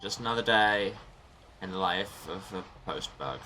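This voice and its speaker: A low-voiced man with a bright, sharp tone and a very lively, swooping delivery, talking through his gameplay. He chats and mocks himself, muttering asides as he plays in a small closed-up room. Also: normal speed, a little hiss or hum. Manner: chatty and self-mocking, muttering to himself. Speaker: let's play host. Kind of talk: gaming commentary. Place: small warm sealed room.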